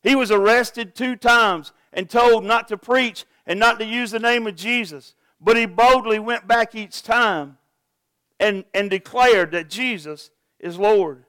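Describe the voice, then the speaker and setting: A man's voice: high-pitched, unhurried, sharp tone, clean tone, dry recording. A pastor preaching a sermon to his congregation, earnest and asking them direct questions.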